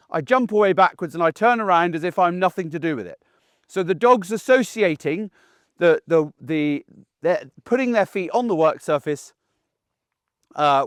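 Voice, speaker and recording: In a fairly high voice, a middle-aged dog trainer teaches to camera in a down-to-earth, assertive, plain-spoken way, regularly pausing for an "okay?". The sound is clean, studio-grade and echo-free.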